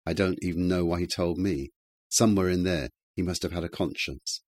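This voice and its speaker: A man voicing a quiet, determined man speaking firmly in an audiobook reading. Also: deep voice, fairly even intonation, brisk, no room sound, studio quality. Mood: calm. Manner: quiet, firm. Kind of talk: audiobook character voice.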